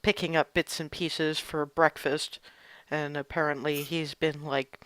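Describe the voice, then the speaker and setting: A woman narrating a tabletop game as game master, telling the scene in a relaxed way with frequent restarts. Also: low voice, a little slow, no room sound. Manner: relaxed storytelling with many restarts.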